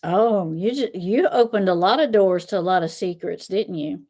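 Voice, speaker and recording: A woman's voice: medium pitch, normal speed, darkish tone. A middle-aged woman hosting a casual livestream chat, rambling through family stories and laughing often. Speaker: tarot reader and host.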